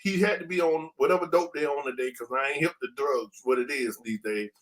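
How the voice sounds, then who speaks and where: A man with a high voice tells his story casually as an interview guest. His talk is slangy and animated, and he acts out the sounds himself. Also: a little fast.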